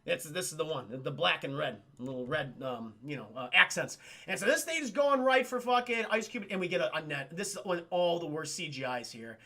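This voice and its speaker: A man streaming a profane film recap to his chat, animated and acting out characters in goofy voices. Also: a little high, a little fast, hardly any pauses.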